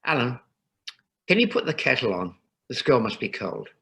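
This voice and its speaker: A man's voice: medium pitch, very animated, normal speed, fairly bright tone, slightly rough, full character voice. A man voicing a kindly older grieving mother who fusses over her guest and calls everyone dear. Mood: fussing.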